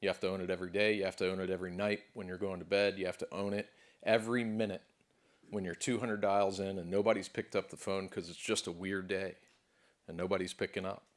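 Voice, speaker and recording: A man with a somewhat low voice delivers a motivational speech to a conference audience. He talks emphatically and repeats key lines to build intensity. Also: flat delivery, quick pace. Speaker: motivational speaker. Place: conference hall.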